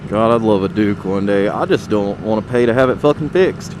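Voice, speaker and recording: A man's voice: lowish voice, fairly quick. A man chatting casually and profanely while riding a motorcycle, talking through a helmet mic with lots of fillers. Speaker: motovlogger. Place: on a motorcycle on open roads. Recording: wind and road noise. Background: traffic and engine noise.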